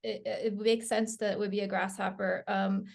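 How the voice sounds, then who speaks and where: Speaking at normal speed with vocal fry, a middle-aged woman with a medium-pitched voice guests on a podcast as an author. She tells stories casually and animatedly, laughing frequently.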